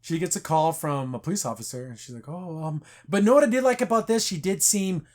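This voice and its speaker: A man's voice: high-pitched, fast talker. A man hosting a casual review podcast, animatedly retelling scenes and acting out the characters' lines. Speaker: podcast host.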